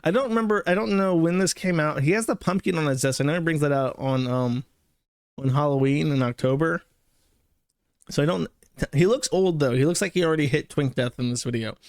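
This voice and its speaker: Male host, casual mocking commentary, a bit high-pitched, dry close mic. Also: fairly quick, clear, resonant tone, no room sound. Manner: mocking, rambling.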